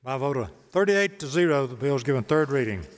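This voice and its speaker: A man's voice: mid-range voice, animated, fast. A man presiding over a legislative session, calling for order and running procedure firmly. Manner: firm, procedural. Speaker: presiding officer. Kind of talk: chairing a session. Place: legislative chamber. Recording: long hall reverb.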